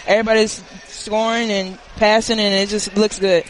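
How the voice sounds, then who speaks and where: A woman college basketball player giving a post-game interview, soft-spoken with many hesitations. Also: medium pitch, level tone, normal speed, a little hiss or hum, poor audio.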